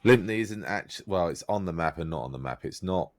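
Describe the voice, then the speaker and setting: A man in calm, measured in-character roleplay chat, explaining things patiently. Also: low voice, no room sound. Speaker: roleplay player.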